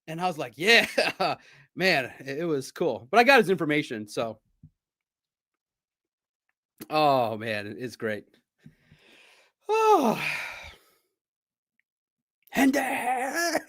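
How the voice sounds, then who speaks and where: A man hosting a sports podcast, chatting casually and telling animated stories with frequent laughter. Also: a little high. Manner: animated storyteller, laughs often, mimics shouting. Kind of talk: casual livestream chat.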